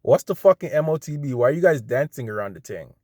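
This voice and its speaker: A vlogger rants casually to the camera, blunt, heated, and full of profanity. His mid-range voice is animated and a little mellow, and he talks quickly. The sound is clean studio audio with no room sound.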